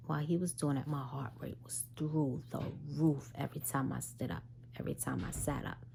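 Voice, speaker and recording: A woman vlogger casually telling a personal story, animated, tired and unwell. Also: rumbling low, brisk, gravelly, slight background noise. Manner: animated retelling, quoting others in dialogue.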